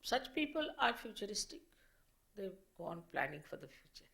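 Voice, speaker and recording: A woman teacher delivers a public spiritual lecture at an unhurried pace. Her voice has a gravelly, creaky edge and sits at an ordinary middle pitch. She explains in measured phrases, pausing between points. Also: sing-song, a bit bright. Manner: slow, measured explaining with pauses.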